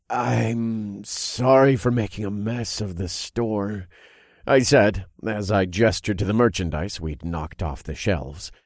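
A man narrating an adult audiobook in the first person, with an expressive reading that builds in intensity. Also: on the low side, slow pace, no echo, clean studio sound.

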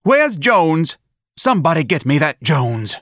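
A man's voice: fairly high pitch, big pitch swings, measured pace, a bit bright, dry recording, studio quality, pitched above the performer's own voice, full character voice. A man voicing a harsh, bossy nightclub owner woman who barks her lines, in an audiobook. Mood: barking.

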